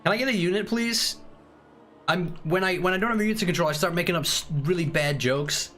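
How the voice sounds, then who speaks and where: A man's voice: high voice, fast, a bit bright, a little hiss or hum. Joking British man streaming a strategy game. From United Kingdom. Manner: joking, rambling banter with chat while giving tactics. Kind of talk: casual live-stream commentary.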